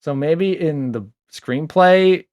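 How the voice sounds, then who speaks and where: A young adult man casually reviewing a book, rambling with lots of fillers, a little low on sleep. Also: slow, no echo, studio quality. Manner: rambling, filler-heavy, animated asides.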